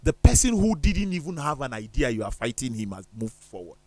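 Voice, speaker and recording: A man's voice: mid-range voice, sing-song, a little fast, few pauses, warm tone, no room sound. A man talking on a studio discussion show in an emphatic, preacherly way, firing off rhetorical questions.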